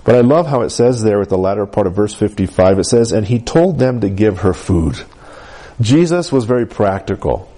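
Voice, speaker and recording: Animated man preaching, mellow voice. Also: moderate pace. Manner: animated, rising pitch for emphasis, calls of "Amen?". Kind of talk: sermon.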